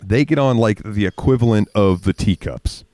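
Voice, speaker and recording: A man's voice: fairly low pitch, moderate pace, warm tone, no room sound. A man telling rambling, profane stories as a podcast co-host, laughing often. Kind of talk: casual storytelling chat.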